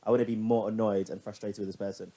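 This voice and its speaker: Podcast co-host, young man, rapid and lively casual chatter with easy swearing. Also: lowish voice. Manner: animated, laughing, swears casually. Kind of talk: casual chat.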